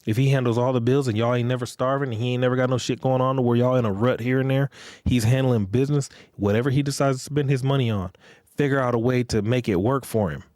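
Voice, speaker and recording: A man's voice: medium pitch, fairly even intonation, quick pace, darkish tone, no room sound, studio quality. A man hosting a podcast, giving relationship advice in a blunt, profane, lecturing monologue and repeating phrases for emphasis. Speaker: podcast host.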